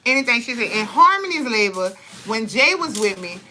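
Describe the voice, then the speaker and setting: A young woman telling birth stories and giving advice in blunt, profane, animated casual talk. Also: on the high side, fairly quick, a little hiss or hum, rough recording. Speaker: vlogger, birth advocate. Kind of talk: candid casual talk to camera.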